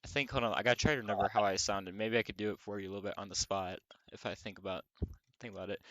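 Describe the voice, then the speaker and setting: Male streamer host, rambling casual chat, crisp dry sound. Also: on the low side, steady tone, rapid-fire, a bit bright, dry recording. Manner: rambling, frequent restarts.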